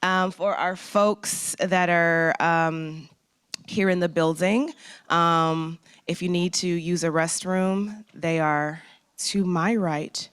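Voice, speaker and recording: A man's voice: on the high side, fairly even intonation, takes it slowly, clear, resonant tone, no echo, clean studio sound. Playful man hyping a conference crowd. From St. Louis. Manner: upbeat, playful crowd work with shout-outs. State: slightly strained throat. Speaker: conference host. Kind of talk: opening remarks and crowd hype.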